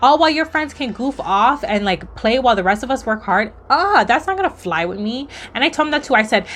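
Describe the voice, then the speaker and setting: A woman's voice: a little high, very animated, fairly quick, few pauses, fairly bright tone, slight background noise. A young woman from Hawaii telling a work story in a blunt, sassy, heated way, with swearing and slang. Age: young adult. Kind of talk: casual storytime monologue.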